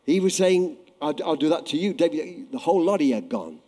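Animated preacher in a reverberant hall. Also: male voice, fairly high pitch, brisk, hardly any pauses. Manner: animated storytelling, acting out voices, swelling loud at climaxes. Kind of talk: sermon.

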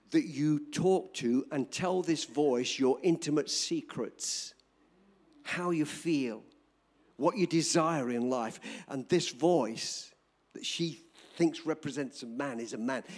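An older man preaching a storytelling sermon to a live audience, animated and emphatic, speaking directly to the crowd. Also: a little high.

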